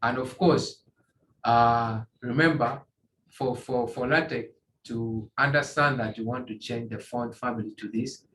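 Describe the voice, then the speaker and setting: A man teaching a beginner's coding tutorial, walking through screen examples in a halting way, often repeating and restarting phrases. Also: medium pitch, fairly even intonation, fairly bright tone. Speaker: tutorial instructor. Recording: echoey room, faint ambient noise.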